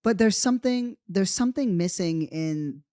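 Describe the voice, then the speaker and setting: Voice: medium pitch, expressive, normal speed, mellow, clear, resonant tone, no echo, clean studio sound. A podcast host talking in a casual, rambling monologue, often swearing and tagging on "right?" and "you know".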